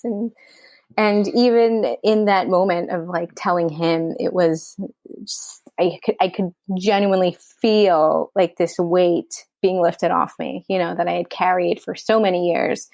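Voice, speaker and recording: A woman's voice: fairly low pitch, fairly even intonation, measured pace, a little mellow, dry recording. A woman from Queens, New York, a writer-director telling a personal story in an interview, candid and emotional, her speech full of "like" and "you know.".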